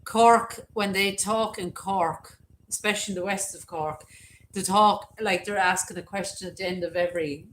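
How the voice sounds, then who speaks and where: A woman's voice: mid-range voice, fairly even intonation, normal speed, slight background noise. A woman with a Wexford Irish accent hosting a casual livestream chat, reading viewer comments and laughing often. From Ireland. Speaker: livestream host.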